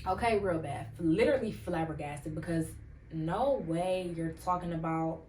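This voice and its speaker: A fairly low-pitched woman hosts a solo podcast, chatting loosely and rambling through her thoughts with plenty of fillers. She sits back from the mic in an echoey room with a faint hum of ambience behind her. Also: moderate pace, a little mellow, recorded from a distance. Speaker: podcast host. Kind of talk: casual solo commentary.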